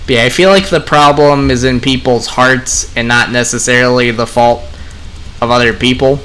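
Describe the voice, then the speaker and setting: Young man, bright clear voice, casual gaming commentary, rambling, talks straight to viewers. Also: medium pitch, steady tone, moderate pace. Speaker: gaming vlogger. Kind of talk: casual commentary while playing.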